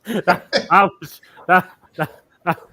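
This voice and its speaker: Slow teasing man, stammering. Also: high voice, pushed and bright, dry recording. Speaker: player. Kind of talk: casual tabletop chat.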